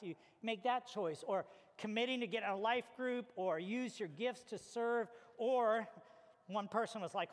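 A man preaching a sermon to his congregation, energetic and emphatic, reading scripture aloud. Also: high-pitched, unhurried. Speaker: pastor. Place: church auditorium. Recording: long hall reverb.

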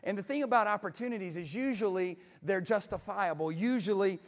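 A man's voice: high-pitched, brisk, in a large hall. A pastor delivering a conversational sermon, often restarting and stumbling over words as he retells a scripture story. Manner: conversational preaching with frequent restarts and stammers.

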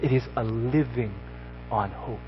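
A man's voice: mid-range voice, a little slow, music in the background. A man giving a sermon, telling a story and then exhorting his listeners with rising emphasis. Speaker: pastor. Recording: slightly dull recording with faint noise.

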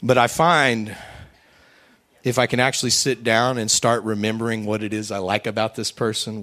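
A middle-aged man preaching a sermon, swinging between loud, high bursts and quiet, low asides, and acting out quoted voices in a raised pitch. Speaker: pastor.

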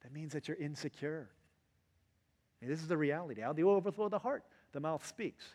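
A husky, slightly high-voiced male pastor delivers a lively sermon, slipping into voices to act out the quotes he tells. His words ring out with a long reverb, as in a large church hall. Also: brisk. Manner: animated, acts out quotes in varied voices.

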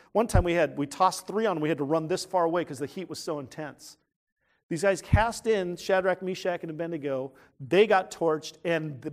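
Preaching in a conversational style, this man asks his congregation questions and goes quiet and hushed whenever a point turns serious. He is a pastor, and his voice sits on the high side.

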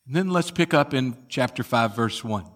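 A man preaching a sermon and reading scripture aloud, building to loud emphatic peaks and then dropping low. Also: expressive, normal speed. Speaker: pastor.

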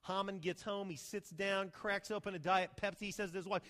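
Male pastor, high expressive voice, animated storytelling sermon, reverberant hall sound. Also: a little fast, hardly any pauses. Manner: animated storytelling with rhetorical questions.

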